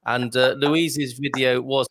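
A man's voice: mid-range voice, little pitch movement, slow, fairly bright tone, no echo. A man hosting a casual livestream, chatting playfully and reading out viewer comments. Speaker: host.

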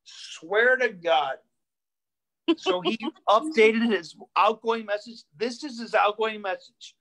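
Guy comic on a video call rambling animated stories. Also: high voice, slow. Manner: animated, repeats himself, acts out voices. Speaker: stand-up comedian. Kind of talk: comedic storytelling on a live online show.

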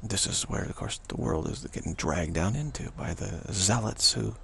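A man's voice: fairly low pitch, normal speed, creaky, sharp tone, a little hiss or hum. A man giving an unscripted spiritual teaching outdoors, rambling and repetitive, often restarting his sentences.

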